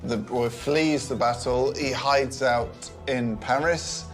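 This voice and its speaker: A man comedian retelling history in a dry, deadpan narrating manner. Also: medium pitch, slow pace, soft background music. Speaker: comedian storyteller.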